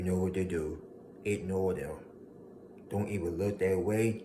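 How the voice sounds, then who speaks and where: Preachy deep-voiced man with steady noise. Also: moderate pace. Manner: preachy, emphatic, repeats lines for effect, mocking voices of haters. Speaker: motivational speaker. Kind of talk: motivational monologue to viewers.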